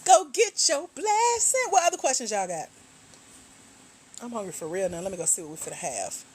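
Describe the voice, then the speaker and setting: A middle-aged woman hosting a casual livestream, a grant coach who chats with viewers in a teasing, slangy, relaxed way while walking around at home, a little tired. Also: on the low side, quick pace, breathy edge. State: tired, low energy.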